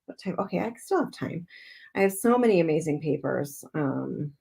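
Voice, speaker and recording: This woman, a mixed media artist, keeps up friendly, bubbly chatter on her live craft stream, reading comments aloud, thanking viewers by name and laughing a lot. Her slightly low voice is creaky and husky, moving at a moderate pace in a relaxed, homemade style.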